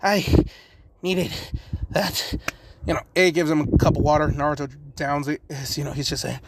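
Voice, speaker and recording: Rambling, slightly high-voiced man storyteller. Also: fairly even intonation, quick pace, heavy background noise. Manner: rambling, full of "you know" and swearing. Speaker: fan fiction storyteller. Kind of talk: casual improvised storytelling.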